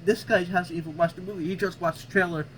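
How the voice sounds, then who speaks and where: A man's voice: high voice, steady tone, quick pace, a bit bright, a little hiss or hum, rough recording. A man hosting a reaction video, talking back sarcastically at what he reads and tripping over words. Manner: stumbles and restarts over words. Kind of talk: casual reaction commentary.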